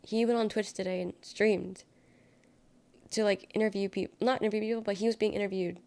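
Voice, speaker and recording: A young adult woman talks casually on a live stream, reading messages from her chat and answering them bluntly, with the odd curse thrown in. Her voice has a gravelly, fry-edged texture at a middling pitch. The whole delivery feels loose and conversational. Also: steady tone, a little fast, darkish tone. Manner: chatty, reads chat aloud and reacts, blunt and swears freely. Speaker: livestreamer.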